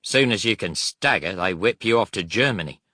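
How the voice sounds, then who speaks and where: A man's voice: sits low, moderate pace, bright, forceful tone, no echo, clean studio sound. A man voicing a bitter young wounded pilot with a London accent, clipped and terse.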